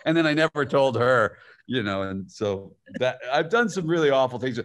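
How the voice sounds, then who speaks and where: A man's voice: mid-range voice, lively intonation, moderate pace, a bit bright. A man, the guest filmmaker and actor, telling anecdotes over a video call and laughing through his stories. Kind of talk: live-streamed conversation.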